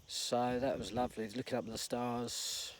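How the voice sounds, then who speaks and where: A middle-aged man from England rambles through a story to camera, now and then acting out what others said. He is recorded outdoors over loud, steady noise. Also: mid-range voice, normal speed. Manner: rambling, laughing, acts out quotes. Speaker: vlogger.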